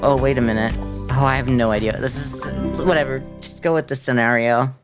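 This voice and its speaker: A man's voice: medium pitch, fairly even intonation, brisk, music in the background. A man streaming a video game, talking casually, rambling and joking with frequent giggles.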